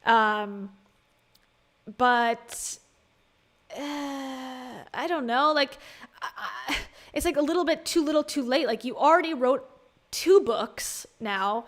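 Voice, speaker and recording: Chatty woman streamer with a slightly high voice, exasperated, reacts to a podcast and to her chat. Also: a bit bright. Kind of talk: casual livestream commentary.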